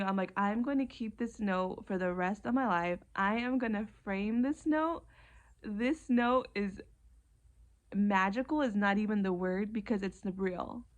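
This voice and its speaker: A young woman earnestly retelling a personal story in a casual vlog, with lots of fillers and rising emotion. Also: mid-range voice. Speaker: vlogger.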